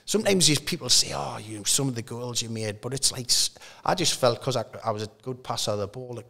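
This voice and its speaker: A middle-aged man with a Geordie accent, a podcast guest telling stories in casual chat with halting restarts. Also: medium pitch, creaky. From Newcastle, England. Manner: relaxed storytelling, halting restarts, laughs through anecdotes. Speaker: podcast guest, former footballer.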